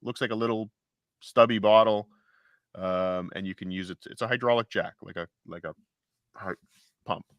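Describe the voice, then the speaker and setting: A man's voice: lowish voice, steady tone, normal speed, pauses often, no echo, muffled recording. A man co-hosting a casual livestream chat, rambling and joking with mock-indignant asides. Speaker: co-host.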